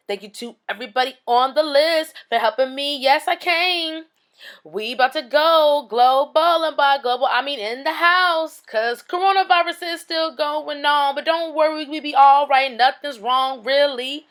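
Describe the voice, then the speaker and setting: A woman's voice: sits high, measured pace, fairly bright tone. A woman comedian gushing and playful as she thanks her audience and talks with them. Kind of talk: comedy special banter. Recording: noisy background.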